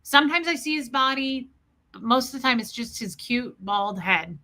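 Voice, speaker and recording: A woman's voice: sits high, animated, normal speed, pushed and bright. A woman hosting a live stream, telling a personal story in an earnest, casual way and greeting viewers by name.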